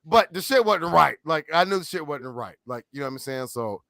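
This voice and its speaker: A man telling profane stories in casual chat, animated and loud when he acts out quotes. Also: fairly high pitch, brisk, gravelly, no room sound, rough recording. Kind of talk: casual crude storytelling.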